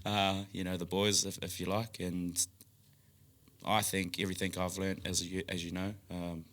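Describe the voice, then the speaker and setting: A man with a very deep voice that still carries a bright, forceful bite. He talks in a relaxed podcast chat, animated and profane, and slips into the voices in his head. Small laughs break up his sentences. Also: normal speed. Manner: animated, swears freely, acts out inner voices; laughs between phrases.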